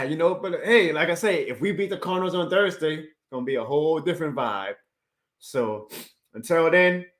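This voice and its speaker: A man's voice: a little high, fairly bright tone, echoey room. A man chatting casually on a live stream, heartfelt and rambling, laughing often and answering chat. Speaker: YouTube sports streamer.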